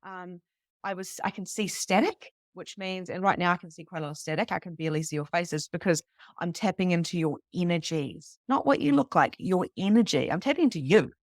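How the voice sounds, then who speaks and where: A New woman in her thirties telling a personal story to a live group, animated and casual, swearing freely. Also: fairly low pitch, fairly quick, no echo, studio quality. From New Zealand. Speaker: psychic medium teaching beginners.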